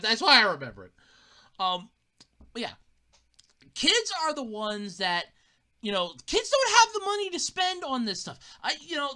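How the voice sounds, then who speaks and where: Woman podcast host, casual comedic monologue, bright voice and lively swings in pitch. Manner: animated, sarcastic, laughs often.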